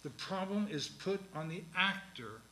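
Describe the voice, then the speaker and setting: A man giving a classroom lecture, speaking in a halting, deliberate way with many pauses, ums and restarts. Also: high-pitched, animated, bright, forceful tone, roomy sound, low-quality recording. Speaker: lecturer on Shakespeare's verse.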